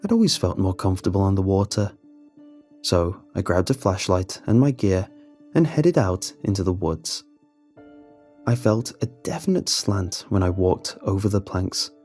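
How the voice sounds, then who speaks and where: A man with a low, husky voice tells a first-person horror story at a measured, steady pace. Faint music runs quietly underneath. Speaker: narrator.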